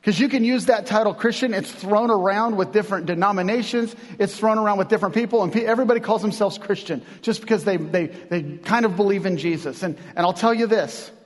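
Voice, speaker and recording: Pastor, male, high-pitched voice, lively conversational sermon delivery in a church with long reverb. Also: fast talker, hardly any pauses. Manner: animated, conversational preaching with acted-out quotes.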